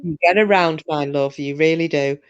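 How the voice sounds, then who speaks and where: A woman's voice: low voice, normal speed, clean tone, dry recording, muffled recording. A woman with a Northern English accent, originally from Scotland, hosting a casual chat and telling rambling stories with the odd swear word. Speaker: host.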